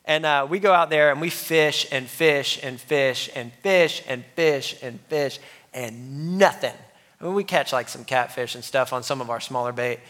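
A pastor, a man, telling a lively personal story in his sermon and laughing at himself, before reading scripture. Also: mid-range voice, normal speed. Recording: long hall reverb.

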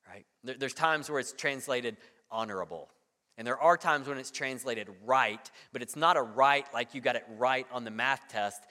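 Male pastor, 30s, chatty sermon delivery with stumbles and "right?" asides, bright tone, echoing hall. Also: medium pitch, moderate pace. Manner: conversational, repeats words, frequent "right?". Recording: long hall reverb.

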